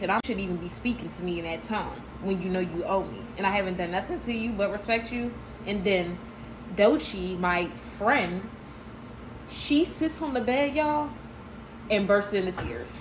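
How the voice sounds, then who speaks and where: A woman's voice: mid-range voice, noisy background. A woman telling a personal story in a casual, emphatic way, speaking straight to her listeners. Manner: emphatic, addresses listeners as y'all.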